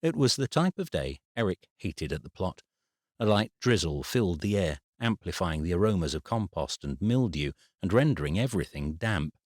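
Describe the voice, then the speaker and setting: A British man narrating a family comedy audiobook, his voice very low yet moving up and down a lot. The recording is close and dry, with no room sound. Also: very animated, normal speed, no echo. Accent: British English. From England. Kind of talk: scripted narration.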